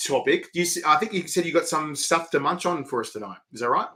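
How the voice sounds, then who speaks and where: A bright-voiced man hosts a relaxed interview. He tells stories with energy and slips into other people's voices when he quotes them. His tone stays loose and easygoing. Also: fairly high pitch, fast. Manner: chatty storyteller, animated, acts out quotes. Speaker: interviewer and chilli event organiser. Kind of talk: casual chat. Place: online video call.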